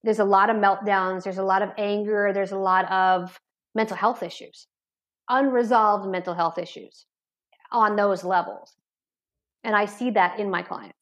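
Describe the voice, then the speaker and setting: A woman's voice: medium pitch, steady tone, normal speed, fairly bright tone, lo-fi sound. A woman who works as an addiction therapist, telling blunt, matter-of-fact stories as an interview guest. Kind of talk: candid storytelling in an interview.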